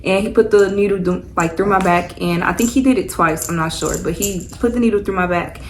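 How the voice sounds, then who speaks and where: A young woman talks straight to her viewers in a relaxed storytime vlog. She rambles and circles back, and her mid-range voice stays easygoing and chatty. A faint hiss sits under the recording. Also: medium pitch, brisk, low-quality recording. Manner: rambling, loose and chatty, full of "like" and "y'all". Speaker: vlogger. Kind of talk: casual storytime chat.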